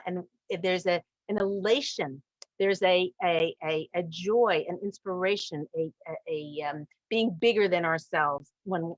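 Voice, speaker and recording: A woman hosting a relationship advice talk show, talking at length in an animated way and acting out quoted voices. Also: mid-range voice, no echo. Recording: slightly dull, dry sound.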